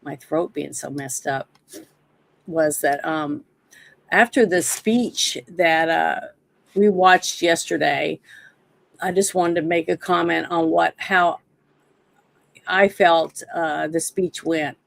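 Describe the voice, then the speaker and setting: A woman hosting a livestream, giving casual political commentary in a halting way with many fillers, her throat dry and scratchy. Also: fairly low pitch, steady tone, vocal fry. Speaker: livestream host.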